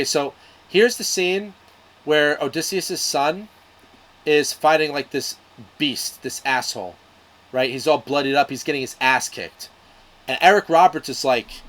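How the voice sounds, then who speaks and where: A video reviewer with a mid-range, slightly bright voice talks casually to camera, retelling a miniseries plot. His telling is loose and profane, full of restarts and fillers.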